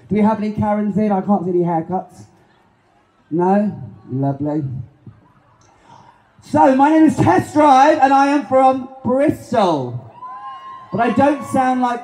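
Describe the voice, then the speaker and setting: A man performing in drag at a pride event, doing camp, sassy joking banter to the crowd in a hoarse voice. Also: extremely high pitch, animated, measured pace, pauses often. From London. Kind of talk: stage banter between songs. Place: outdoor pride festival stage. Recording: echoey PA over loud music.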